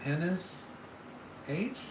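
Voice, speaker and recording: A man's voice: sits high, sing-song, extremely slow, noisy background. A man from California hosting a casual livestream, rambling and joking with his chat. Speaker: livestream host. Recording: echoey room with faint ambience.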